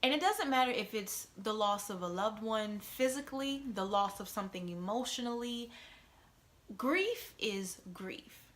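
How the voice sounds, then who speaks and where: Bright-voiced mother telling a heartfelt story. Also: medium pitch, unhurried. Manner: emotional, conversational, many "you know" and "right?" asides. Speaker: vlogger telling a personal story.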